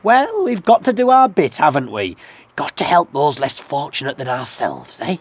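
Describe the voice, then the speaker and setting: A man's voice: a little high, huge pitch swings, normal speed, a little hiss or hum. Man playing a fussing busybody lady, bossy and patronising, swooping sing-song voice, overbearing. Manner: fussy, overbearing, calls people love and son. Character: bossy, patronising, chatty middle-aged woman.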